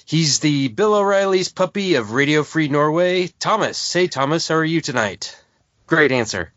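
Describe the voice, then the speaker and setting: A man's voice: a little high, lively intonation, normal speed, a bit bright, no room sound, highs cut off. A man hosting a podcast, introducing his co-hosts in jokey announcer-style patter for a mock radio show. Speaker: podcast host.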